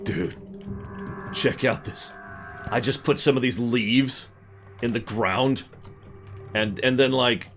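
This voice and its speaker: A man streaming a video game, rambling and joking as he plays, often jumping into high mock voices. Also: slow pace, long pauses, fairly bright tone, soft background music. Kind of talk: casual gameplay commentary.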